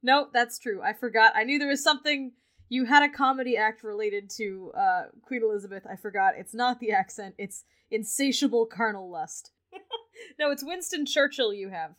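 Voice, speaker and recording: Giggly higher-voiced young woman. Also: moderate pace, a bit bright. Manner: giggly, chatty, laughs often. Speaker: podcast host. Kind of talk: casual chat, storytelling.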